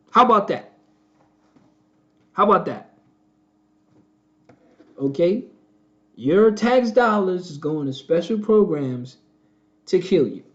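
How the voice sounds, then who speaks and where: Male host, higher-pitched, preachy and repetitive; dull lo-fi audio. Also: darkish tone. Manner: preachy, repetitive, addresses viewers as family. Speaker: channel host. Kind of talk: casual live-stream commentary.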